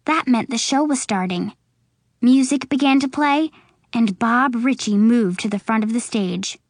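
Slow, expressive woman reading a storybook. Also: on the high side, no room sound. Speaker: audiobook narrator. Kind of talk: storybook narration.

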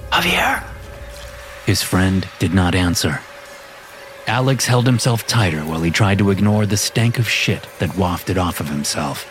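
A man narrating a horror story in a steady, measured scripted reading, with music playing behind him. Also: deep voice.

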